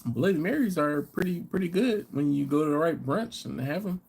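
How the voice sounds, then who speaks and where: A man's voice: fairly high pitch, expressive, brisk, gravelly, darkish tone, breathy edge. American man rambling through a live-stream story. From United States. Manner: rambling storyteller, reads out viewer comments. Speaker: host of a live barbecue channel. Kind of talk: casual live-stream chat.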